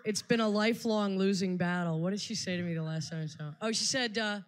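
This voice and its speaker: A woman's voice: medium pitch, fast, hardly any pauses. Dry, wry female stand-up comic. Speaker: stand-up comedian. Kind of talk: stand-up comedy set. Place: live comedy stage.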